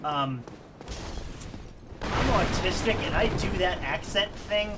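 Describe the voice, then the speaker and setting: A woman's voice: on the low side, lively intonation, slow pace, heavy background noise. A woman streamer giving rambling, self-deprecating commentary while she plays a game, laughing often. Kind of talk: casual let's-play commentary.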